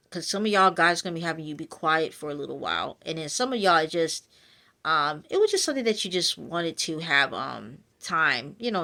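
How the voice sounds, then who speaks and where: A woman's voice: low-pitched, pushed and bright. A woman reading a casual prophetic message of encouragement, chatty and full of fillers, addressing her listeners directly. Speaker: spiritual message reader.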